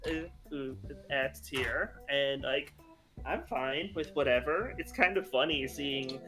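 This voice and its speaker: A man's voice: medium pitch, takes it slowly, fairly bright tone, soft background music. A man voicing a prim, well-mannered young crewman in a tabletop role-play, fussy and chatty. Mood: amused.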